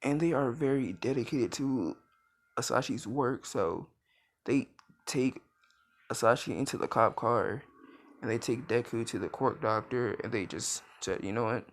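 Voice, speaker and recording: A man's voice: mid-range voice, measured pace. A young man narrating a fan story in a casual, rambling way, with lots of filler words and self-corrections.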